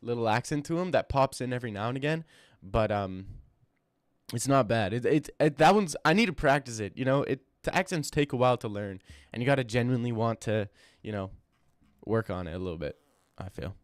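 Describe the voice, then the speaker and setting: A man's voice: mid-range voice, expressive, no room sound. Joking young man, dry close sound. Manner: joking, reads chat aloud, quick asides. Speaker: streamer host. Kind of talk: casual livestream Q&A.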